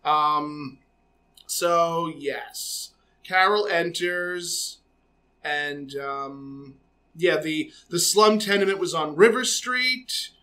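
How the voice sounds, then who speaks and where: A man's voice: a little high, very slow, sharp tone. A man co-hosting a podcast, chatting casually with fillers and frequent laughter. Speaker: podcast co-host. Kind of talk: casual chat recapping a TV episode.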